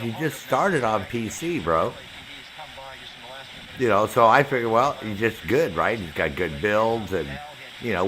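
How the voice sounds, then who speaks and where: A man streaming a game, telling his chat an angry story about a clan member, quoting both sides and cursing heavily. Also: mid-range voice. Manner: heavy cursing, animated storytelling with quoted back-and-forth. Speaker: gaming streamer.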